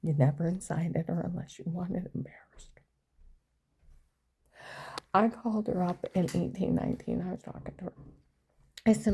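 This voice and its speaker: Gravelly-voiced older woman. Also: on the low side, moderate pace, pauses often, a little mellow, poor audio. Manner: rambling, aggrieved storytelling. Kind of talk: casual monologue.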